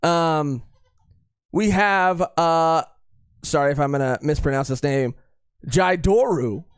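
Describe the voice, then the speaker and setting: Man, casual podcast co-host, rambling, repeats himself, slightly high voice, dry close sound. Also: slow, clear, resonant tone, no echo. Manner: rambling, filler-heavy, repeats phrases. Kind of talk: casual live-stream chat.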